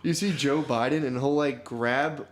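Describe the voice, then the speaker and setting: A young man co-hosting a casual podcast, with an ordinary middle-pitched voice. He tells loose, profane stories, laughs through them and keeps calling people "dude.". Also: steady tone, unhurried, slight background noise. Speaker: podcast co-host.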